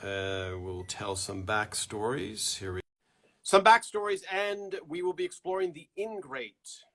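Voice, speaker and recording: A man's voice: fairly high pitch, expressive, a little slow, bright, forceful tone, a little hiss or hum. A man hosting a live fan show, chatting casually and greeting viewers one by one on a stream from home through a built-in computer mic.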